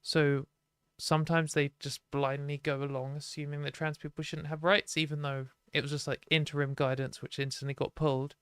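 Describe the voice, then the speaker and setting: A British woman hosting a live stream, talking casually and frankly with lots of "like" and quick laughs. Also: low-pitched, flat delivery, clean tone, no room sound. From Britain.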